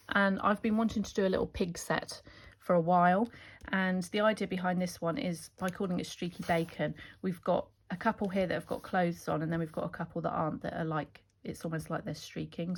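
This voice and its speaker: Chatty woman showing craft stamps. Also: on the low side. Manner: chatty and enthusiastic, with fillers and restarts. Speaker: craft designer presenting her stamp collection. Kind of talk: casual product walkthrough.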